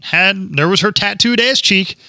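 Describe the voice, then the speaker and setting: Bright-voiced man on a crude podcast. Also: high voice, normal speed, no room sound, clean studio sound. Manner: crude, joking, trails into silly put-on voices. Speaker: podcast co-host. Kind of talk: casual chat.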